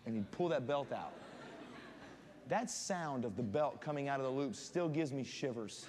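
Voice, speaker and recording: A man preaching as a guest pastor in a church, reading scripture aloud and telling animated stories. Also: medium pitch, fairly quick. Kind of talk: sermon. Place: church sanctuary. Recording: long hall reverb, faint room noise.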